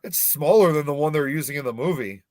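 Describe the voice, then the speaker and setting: A man's voice: a little high, fast, a little mellow, no room sound. A man hosting a casual horror podcast, rambling a bit, tripping over names and reading notes aloud.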